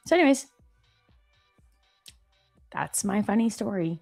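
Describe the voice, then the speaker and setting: A woman in her thirties with a notably low voice hosts a live stream in a loose, chatty way. She tells anecdotes, fills her talk with "like" and "um", and faint music plays underneath. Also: normal speed. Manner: chatty and storytelling, with many fillers. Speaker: trading stream host. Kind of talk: casual live-stream chat.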